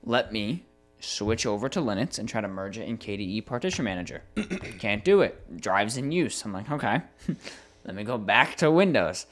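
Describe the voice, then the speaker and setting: A young adult man co-hosting a podcast, telling a long frustrating story in a casual, animated way with plenty of swearing. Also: fairly low pitch, moderate pace, faint music behind. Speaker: podcast co-host.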